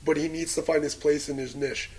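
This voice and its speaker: A man's voice: a little high, fairly even intonation, fairly quick, a little mellow, rough recording. A man co-hosting a casual wrestling podcast, cracking jokes and swearing casually. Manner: wisecracking, casual profanity. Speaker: podcast co-host.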